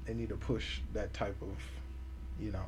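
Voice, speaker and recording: A man's voice: on the low side, little pitch movement, moderate pace, a little mellow, slight background noise, rough recording. A man co-hosting a podcast, talking in a laid-back way with lots of slang. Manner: laid-back slang, "you know what I'm saying". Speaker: podcast co-host. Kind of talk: casual podcast chat.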